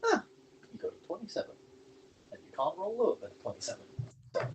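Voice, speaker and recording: Lively man playing a tabletop game. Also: high voice, fast, slight background noise, low-quality recording. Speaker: player.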